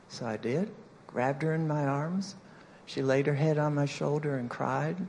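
A woman's voice: low voice, darkish tone, a little hiss or hum. A woman speaking in church, telling a story in a sermon and acting out the quotes playfully.

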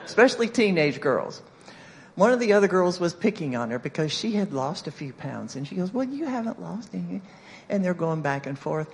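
Animated woman telling a sermon story. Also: deep voice, slight background noise. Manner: animated, playful storytelling with acted-out quotes. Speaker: church speaker.

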